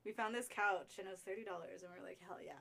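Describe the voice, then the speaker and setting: Bright-voiced woman telling a comic story. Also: mid-range voice, steady tone, rapid-fire, vocal fry, slight background noise. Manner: slangy, punchy comic storytelling. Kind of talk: casual storytelling.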